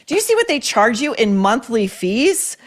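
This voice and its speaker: A woman's voice: on the high side, very animated, moderate pace. A woman hosting a show, reading viewer mail and advice letters aloud and reacting with blunt, sarcastic commentary full of swearing. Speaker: host.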